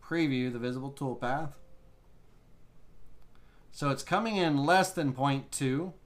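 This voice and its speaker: A man teaching a live CNC software tutorial, thinking aloud with restarts as he works through settings. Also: mid-range voice, unhurried. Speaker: woodworking CNC instructor.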